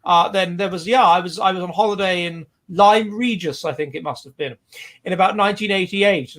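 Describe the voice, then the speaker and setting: A man in his forties hosts a livestream in casual chat, wandering off into long digressions as he reads out viewer comments. His voice sits high for a man, and he talks in a loose, chatty way. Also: a bit bright. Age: 40s. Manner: rambling and digressive. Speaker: livestream host.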